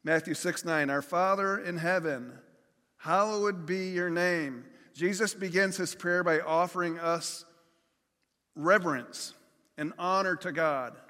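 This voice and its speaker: A man's voice: high voice, a little slow, bright, forceful tone. A man preaching a conversational sermon, with everyday examples and acted-out pleas. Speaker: pastor. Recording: long hall reverb.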